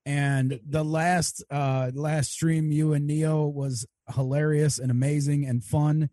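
A man's voice: on the high side, little pitch movement, slow, warm tone, no echo. A man co-hosting a stream, chatting casually and thanking a caller. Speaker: stream co-host. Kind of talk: casual chat.

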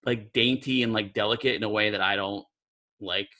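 A man's voice: lowish voice, fairly even intonation, a little fast, bright, forceful tone. A young man telling a long story in casual chat, rambling and packing every phrase with "like". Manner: rambling, heavy use of "like". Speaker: podcast co-host.

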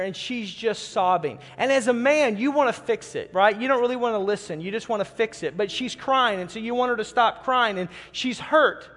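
Pastor, man, middle-aged, earnest storytelling sermon, high voice, reverberant hall. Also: a bit bright. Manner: earnest, repeats words when starting phrases.

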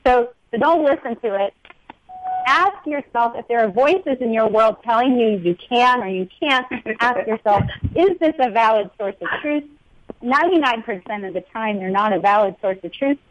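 A woman's voice: fairly high pitch, expressive, moderate pace, no echo, muffled recording. Earnest woman talking about the divine. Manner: earnest, uplifting, with filler words. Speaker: guest speaker, healer. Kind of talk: spiritual talk-show conversation.

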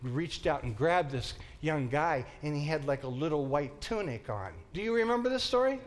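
A man teaching a Bible class in a lively, joking way, acting out the story for his listeners. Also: on the high side, moderate pace. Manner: animated, joking, acts out the story.

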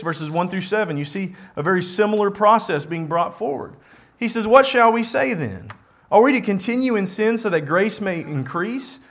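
High-voiced man preaching a sermon. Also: a bit bright. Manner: earnest, repeats phrases for emphasis, reads scripture aloud.

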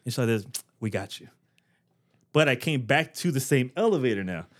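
Male co-host, average pitch, easygoing storyteller with casual cursing. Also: lively intonation, fast. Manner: laid-back storyteller, swears freely. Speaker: podcast co-host. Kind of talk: casual chat.

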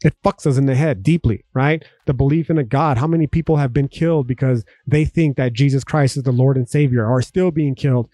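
A man's voice: medium pitch, brisk, hardly any pauses, warm tone, dry recording, studio quality. A young man from Texas hosting a solo podcast, ranting emphatically with heavy profanity and frequent restarts. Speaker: podcast host. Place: home room.

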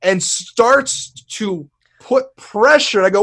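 A man's voice: sits high, takes it slowly, a faint crowd. A man telling a comedic story in a casual podcast chat, swearing freely and acting out what people said. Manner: animated, swears freely, acts out quotes loudly. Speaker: podcast co-host.

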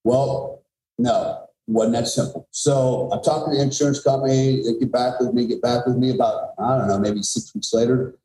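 In a roomy-sounding recording, a middle-aged podcast guest who served in special forces relates a story, blunt, emphatic and full of swearing. His medium-pitched voice is mellow, delivered at a normal speed with fairly even intonation.

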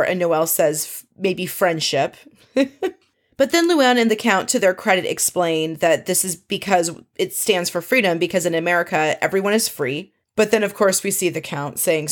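A woman casually recapping a reality show episode, chatty and full of opinionated asides. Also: lowish voice.

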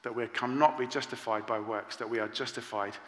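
A man preaching a sermon as pastor, earnest and animated, asking the congregation questions. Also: mid-range voice, a little fast. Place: church. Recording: echoey church hall with long reverb.

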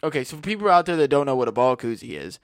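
A man's voice: mid-range voice, rapid-fire, smooth, no echo. A man co-hosting a casual podcast, swearing freely and teasing his friend. His voice sits in a middle range. The sound is dry and close. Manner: profane, animated, teasing. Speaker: podcast co-host. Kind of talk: crude casual chat reacting to videos.

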